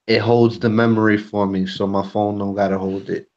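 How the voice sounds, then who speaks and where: A man's voice: fairly low pitch, level tone, normal speed, darkish tone, dull audio. A man talking frankly in a casual chat as a YouTuber and co-host, cursing freely. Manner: blunt, frank, curses freely.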